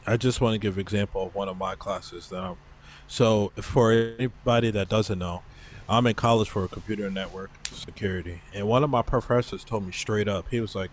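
A man's voice: fairly low pitch, a little hiss or hum. A young man co-hosting a podcast in casual chat, speaking bluntly and swearing freely. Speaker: podcast co-host.

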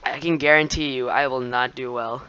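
A young man giving live gameplay commentary, excitable, laughing often and shouting at the players who beat him. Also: mid-range voice, normal speed, clear, resonant tone, lo-fi sound.

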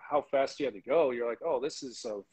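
A man with a husky voice speaks as an interview guest over a phone call. His talk is loose and casual, full of fillers. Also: medium pitch, brisk, a little mellow.

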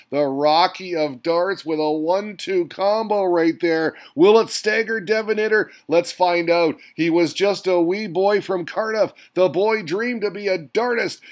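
Male host doing mock sports commentary, high-pitched and pumped, punchy hype calls. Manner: hyped announcer delivery with exclamations.

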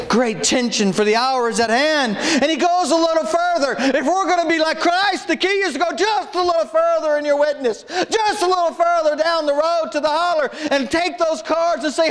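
Brief: man, pastor, very high voice, folksy stories and shouted calls, echoey sanctuary. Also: moderate pace. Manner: folksy storytelling with sudden shouted exhortations. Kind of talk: sermon. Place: church sanctuary. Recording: echoey church room.

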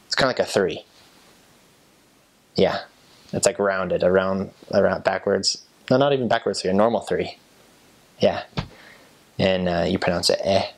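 A young American man explaining things in a casual, halting way, often laughing at himself. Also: deep voice. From United States. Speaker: interviewee.

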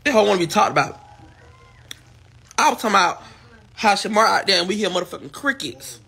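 Fast-talking husky livestream ranter. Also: mid-range voice, animated, pushed and bright. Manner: fast, profane, insulting rant. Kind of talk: ranting to the camera on a livestream.

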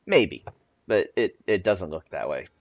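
Lively young man playing a game. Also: sits low, unhurried. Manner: chatty, wondering aloud about the game. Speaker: video game commentator. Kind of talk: casual gaming commentary.

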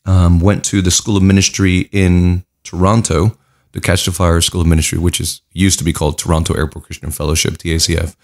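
Low-voiced pastor from Puerto Rico, earnest guest telling his story in lists. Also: flat delivery, brisk, a little mellow. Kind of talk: casual interview conversation.

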